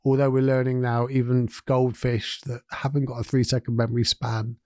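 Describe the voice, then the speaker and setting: A man's voice: mid-range voice, level tone, a little fast, dark tone, no room sound, studio quality. A man hosting a podcast, explaining ideas in a loose, conversational way with restarts and asides. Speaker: podcast host. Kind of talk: casual explanatory monologue.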